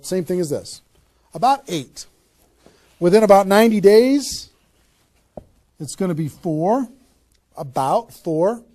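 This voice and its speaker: A man giving an energetic motivational training talk to a small live audience, pressing home his points with emphatic rhetorical questions. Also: high-pitched. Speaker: network marketing trainer.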